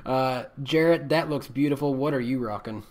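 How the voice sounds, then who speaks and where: A man hosting a podcast in casual chat, halting and stumbling over words. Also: medium pitch, darkish tone. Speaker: podcast host.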